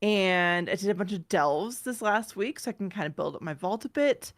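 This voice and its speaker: A woman in her thirties co-hosts a podcast while nursing a cold. She rambles through her stories in easygoing chat and laughs at her own mishaps. Her pitch sits in the middle range. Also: animated, normal speed. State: has a cold. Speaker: podcast co-host. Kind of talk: casual chat.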